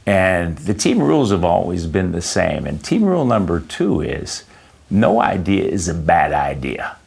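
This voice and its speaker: A man answering an interviewer's questions in a halting way, with many fillers and restarts, often telling personal stories. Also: sits low, sing-song, vocal fry, darkish tone, husky. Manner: anecdotal storyteller. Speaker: interview guest.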